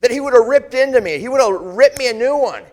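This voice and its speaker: Speaking as the disciple Thomas, an earnest grown man, a pastor performs a first-person dramatic sermon monologue. His voice is a little high and expressive, his pace measured, and he sounds impassioned as he turns to listeners with searching questions.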